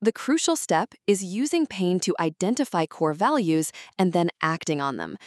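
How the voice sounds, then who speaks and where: A woman reading a scripted book summary in a steady, even-paced narrating voice. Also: lowish voice, no echo, studio quality.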